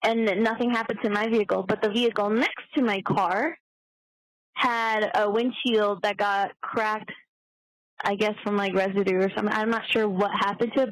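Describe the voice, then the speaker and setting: A woman's voice: mid-range voice, no room sound, rough recording. A young woman leaving a chatty, swearing voicemail story as a caller.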